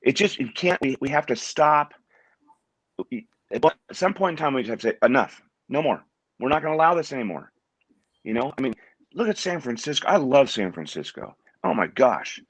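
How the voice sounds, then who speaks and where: A middle-aged man from Washington State, a guest in an interview, talking in a halting way and often repeating words as he restarts his sentences. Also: mid-range voice, very animated, slightly rough, no room sound. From Washington State, USA. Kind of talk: conversational interview.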